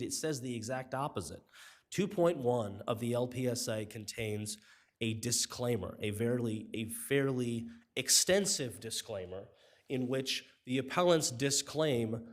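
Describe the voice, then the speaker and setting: A man arguing as an attorney in a courtroom, formal and measured, his voice wearing thin. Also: medium pitch. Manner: formal, measured, apologetic when interrupted. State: voice giving out. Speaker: appellate attorney. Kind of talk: courtroom oral argument. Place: appellate courtroom.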